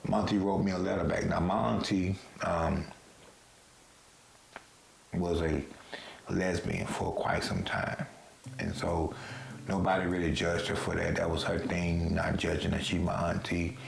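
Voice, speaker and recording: A man's voice: low-pitched, level tone, measured pace, gravelly, long pauses, slight background noise. A man earnestly telling his own life story in a casual, emotional, conversational way. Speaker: storyteller recounting own experience. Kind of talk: casual personal testimony. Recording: roomy echo.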